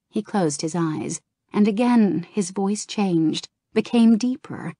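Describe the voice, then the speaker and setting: Slow, calm woman narrator. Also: medium pitch, no echo. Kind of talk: audiobook narration.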